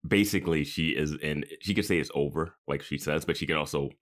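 A man's voice: a bass voice, quick pace. A man co-hosting a podcast in casual chat, rambling and restarting his thoughts as he talks. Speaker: podcast co-host.

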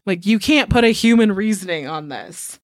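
A young adult woman co-hosts a podcast, loosely retelling a film's plot in a casual recap full of fillers, swearing, and constant "like." Her medium-pitched voice is animated and moves at a moderate pace, captured in a dry, studio-quality recording.

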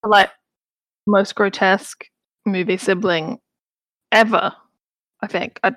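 A woman's voice: mid-range voice, fairly even intonation, slow pace, a bit bright, dry recording. A woman casually recapping a film on a podcast, rambling with lots of fillers. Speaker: podcast co-host.

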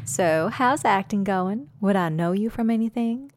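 A woman voicing a chirpy, giggly young nurse who gushes over her patient in a bright, bubbly way. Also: mid-range voice, measured pace, no room sound, studio quality, pitched above the performer's own voice, close to an everyday voice. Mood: chatty.

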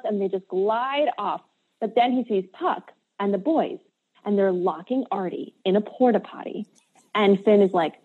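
A woman co-hosting a podcast, recapping an episode in casual chat and acting out characters' lines in quick mock voices. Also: mid-range voice, slightly rough. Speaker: podcast co-host. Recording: tinny phone-line sound.

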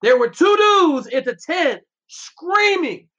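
A former Navy SEAL, appearing as a guest, tells profane, brash stories in animated, casual conversation. His voice is high and his pace moderate. The podcast audio is dull and lo-fi.

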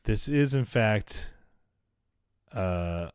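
A man's voice: on the low side, lively intonation, drawn-out words, smooth, dry recording, studio quality. A man hosting a podcast, bantering and laughing often in casual chat. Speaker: podcast host.

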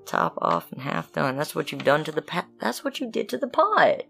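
A woman's voice: low voice, sing-song, normal speed, gravelly, fairly bright tone, faint music behind. A woman reading fairy tales on a podcast and cutting in with blunt, laughing asides. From Southern United States. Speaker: podcast co-host, reader.

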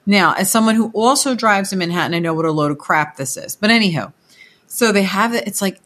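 A woman, co-hosting a casual political chat and telling lively stories. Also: mid-range voice, fairly quick. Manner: animated storytelling, acts out others' voices in quoted bits.

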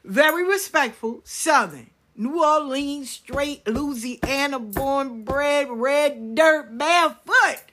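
A woman's voice: high-pitched, slow pace, few pauses, noisy background. A woman who reads spiritual cards, ranting to her viewers in a blunt, profane, emphatic way. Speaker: spiritual card reader. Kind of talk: casual rant to viewers.

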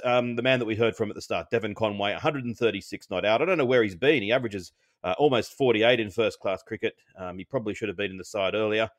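A man's voice: fairly low pitch, no echo, studio quality. A man co-hosting a podcast, giving a chatty cricket analysis broken up by frequent ums and restarts. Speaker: co-host.

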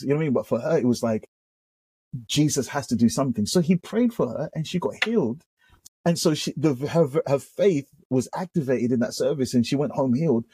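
As a guest, a British pastor gives a conversational testimony, telling his story animatedly, often restarting sentences and gaining energy as he goes. His medium-pitched voice is warm, mellow, and slightly husky, brisk in pace, and recorded close and dry with no echo.

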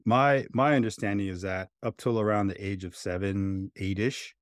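A man's voice: lowish voice, fairly even intonation, moderate pace, dry recording, clean studio sound. A man co-hosting a podcast, telling a childhood story in a reflective, casual way, full of "right?" and "you know". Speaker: podcast co-host.

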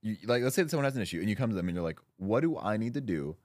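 Blunt young man with lively pitch. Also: rapid-fire, no room sound, clean studio sound. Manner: blunt, emphatic, swears often. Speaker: podcast co-host. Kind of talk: casual chat.

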